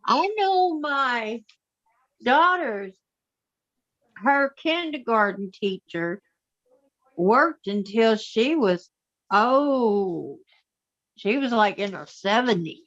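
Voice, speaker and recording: A woman chatting with quilting friends on a video call, expressive and teasing. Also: fairly high pitch, extremely slow, pauses often. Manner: expressive, teasing, exclaims a lot. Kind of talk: casual chat. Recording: muffled video call audio.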